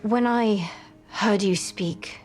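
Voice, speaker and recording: An actress with a British accent playing a young blind woman who knows people by their voices, speaking quietly and sometimes in a whisper. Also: mid-range voice, slow, close to an everyday voice. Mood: earnest. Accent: British, as played. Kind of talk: drama scene. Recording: drama with faint music.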